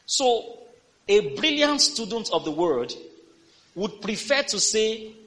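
A man's voice: high voice, slow, pauses often. A male pastor preaching a sermon in a church, reading scripture and calling on the congregation to respond. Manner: lively preaching with call-and-response.

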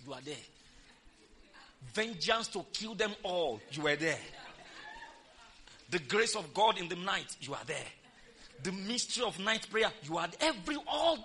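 A woman pastor delivers a sermon with a wildly swinging, lively pitch. Her tone is bright and forceful as she fires rhetorical questions at the congregation. She bursts into loud, emphatic exclamations. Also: slight background noise.

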